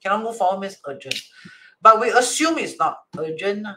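The voice is mid-range, bright and forceful, expressive and at normal speed. A Singaporean-accented teacher is breaking down a divination chart reading, voicing quoted dialogue, mixing in Chinese and Hokkien, and frequently asking "right?".

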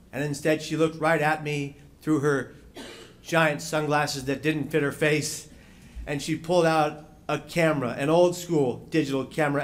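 Man, panel speaker, measured dramatic storyteller, voice on the higher side. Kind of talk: personal story told to an audience. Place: conference room.

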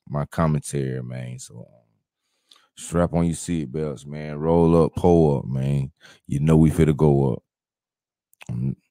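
A man with an extremely deep, dark voice hosts his show in a laid-back, drawling way. He leans on filler words as he sets up a casual intro. The sound is dry and close. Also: no room sound. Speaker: show host.

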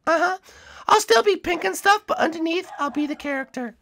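Brief: chirpy tiny pink creature, high and sing-song, bright tone, a man puts it on. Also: a little fast, vocal fry, heavily acted. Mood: sweet. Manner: sweet, chirpy, eager. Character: cheerful tiny pink blob creature, male.

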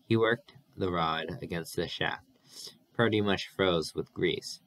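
A man reading a classic novel aloud, stumbling now and then and correcting himself. His voice is low and deep, with a bright, forceful tone. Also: slow. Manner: restarts and fillers. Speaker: audiobook reader.

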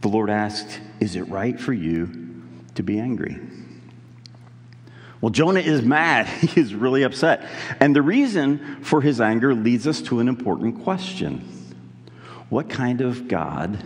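A male pastor preaching in an earnest, conversational way, leaning on key words with slow pauses. His mid-range voice carries a long reverb through a large church hall. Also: medium pitch. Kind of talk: sermon.

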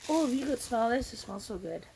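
A woman crafting vlogger opens a gift on camera and talks in a gushing, tearful way. Her voice sits high and swoops widely, with a gravelly fry underneath. She talks slowly and laughs often. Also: expressive, dark tone, a little hiss or hum, low-quality recording. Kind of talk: unboxing vlog.

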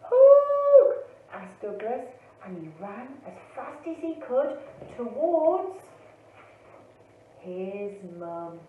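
A woman, an early years teacher, reading a picture book aloud to children in a slow, expressive storytelling way. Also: medium pitch, a little hiss or hum. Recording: echoey, phone-like, from a distance.

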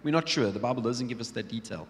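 A male pastor preaches in a large church hall. His voice is mid-pitched and carries a long reverb tail. He retells scripture as vivid storytelling and often restarts his words. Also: fast. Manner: storytelling, acting out Bible scenes, many restarts. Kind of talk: sermon.

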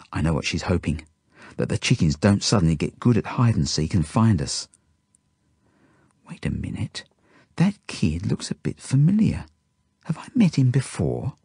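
A man with a lowish, slightly husky voice reads a children's story in the first person, his pitch rising and falling with feeling. He drops to hushed tones at the tense moments. The recording is dry and close, with no room sound. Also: dry recording. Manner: expressive, dropping to hushed tones. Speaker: audiobook reader.

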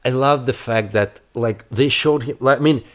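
A man's voice: medium pitch, normal speed. A young man, co-hosting a podcast in casual chat and telling stories loosely, with casual swearing. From Russia. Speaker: podcast co-host. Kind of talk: casual chat about a movie.

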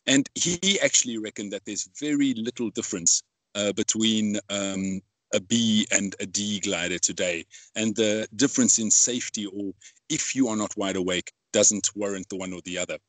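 A man's voice: on the low side, moderate pace, a bit bright, dry recording. A man hosting a casual podcast interview, rambling with many fillers and asking leading questions. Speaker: podcast host.

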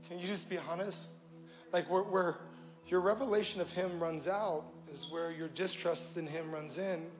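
Male pastor with a high voice, preaching to a live congregation with an animated, jokey delivery that swings between loud and quiet. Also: moderate pace, faint music behind. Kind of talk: sermon. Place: church stage before a live congregation.

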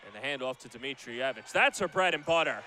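Bright-voiced play-by-play announcer, man. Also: mid-range voice, animated. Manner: brisk, rises to shouts on big plays. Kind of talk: basketball play-by-play commentary.

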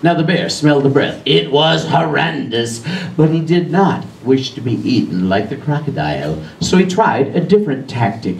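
A man telling a rhyming animal fable in an animated, sing-song way to an audience. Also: medium pitch, normal speed, gravelly, a little hiss or hum. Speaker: storyteller. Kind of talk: theatrical storytelling for an audience. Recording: roomy echo, distant mic, faint ambience.

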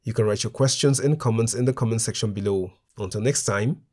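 A man narrating a scripted language lesson in a slow, even, deliberate way, spelling out foreign words with care. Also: fairly low pitch. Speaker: language teacher.

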